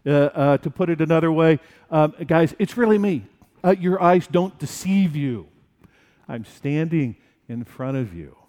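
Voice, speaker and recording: Measured preacher in a reverberant hall. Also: male voice, a little high. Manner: animated, acts out disciples' fright. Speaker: pastor. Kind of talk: sermon.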